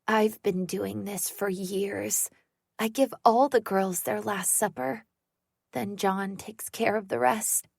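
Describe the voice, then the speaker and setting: A woman's voice: medium pitch, steady tone, takes it slowly, gravelly, no room sound, clean studio sound. A woman voicing an unhinged adult woman who holds someone captive and turns from menacing to childlike pleading. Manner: menacing, then pleading like a little girl. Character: unhinged adult woman captor, needy and violent.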